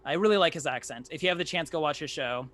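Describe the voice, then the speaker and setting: A man chatting casually about a tabletop game session, rambling with lots of restarts and filler words. His voice is a touch high and very bright. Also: fast talker.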